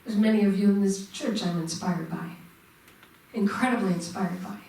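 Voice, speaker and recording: A woman's voice: medium pitch, moderate pace, a little mellow, distant mic, slight background noise. Woman minister preaching in an echoey church. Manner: engaging, asks the congregation questions. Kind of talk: sermon. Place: church sanctuary. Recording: echoey church room, mic from afar.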